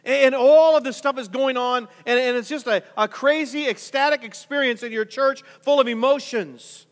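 A man's voice: very high voice, normal speed, long reverb tail. A male pastor preaching a conversational sermon, full of rhetorical questions and repeated restarts.

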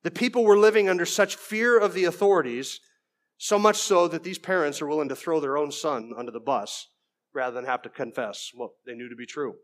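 A man's voice: fairly high pitch, fairly quick. A man preaching an expository sermon verse by verse, conversational, with folksy asides and frequent restarts.

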